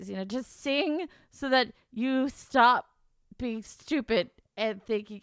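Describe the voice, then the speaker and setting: A woman streamer talks in a high, smooth, clear voice, emotional and close to tears. She rambles and restarts her sentences while chatting to her viewers. The sound is dry and close. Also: slow pace, fairly bright tone, dry recording. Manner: emotional, tearful, giddy rambling; stammering restarts. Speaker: author and streamer. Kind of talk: casual livestream chat.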